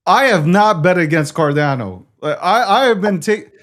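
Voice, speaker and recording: Fairly high-voiced male host, emphatic. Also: expressive, normal speed, a bit bright. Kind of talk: casual interview talk.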